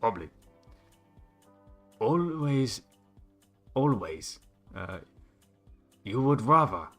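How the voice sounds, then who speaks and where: A solemn old sage from a mountain monastery, as a man puts him on, drawing out each word of his wisdom in a raised, loud voice. The words come slowly, with weight, like a pronouncement. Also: medium pitch, big pitch swings, faint music behind, full character voice.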